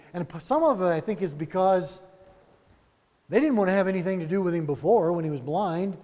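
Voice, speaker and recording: A man leading a Bible study in an animated, conversational sermon style, with chuckling asides and rhetorical questions. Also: high-pitched, big-room sound.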